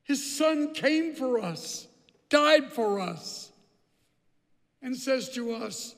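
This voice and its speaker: Pastor, male, gravelly and high, measured delivery, echo of a big sanctuary. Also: animated, fairly bright tone. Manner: emphatic, repeats phrases for stress. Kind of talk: sermon.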